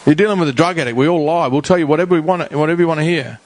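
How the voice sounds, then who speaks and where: A man's voice: fairly high pitch, racing. A middle-aged man with an Australian accent, speaking bluntly and emphatically at a community forum, repeating himself for effect in plain slang. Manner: blunt, emphatic, repetitive, colloquial. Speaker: rehab house founder speaking at a community forum. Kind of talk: blunt public talk.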